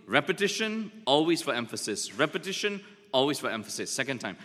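A man's voice: fairly high pitch, big pitch swings, brisk, pushed and bright, in a large hall. A male pastor preaching a sermon, driving points home with repetition and dropping in jokes. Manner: emphatic, repeats points, joking asides.

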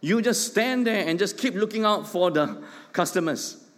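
A middle-aged man preaches a sermon, pressing his points and tossing in joking asides. His voice sits a little high and swings widely. The sound carries a long reverb from a large church hall. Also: expressive, moderate pace, a bit bright. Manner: emphatic preaching with rhetorical questions and joking asides. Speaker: pastor.

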